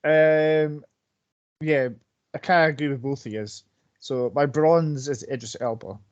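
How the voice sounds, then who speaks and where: A man's voice: on the high side, fairly even intonation, measured pace. A man co-hosting a casual podcast, laid-back and blunt, swearing casually. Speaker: podcast co-host. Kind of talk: casual chat. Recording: slightly dull audio.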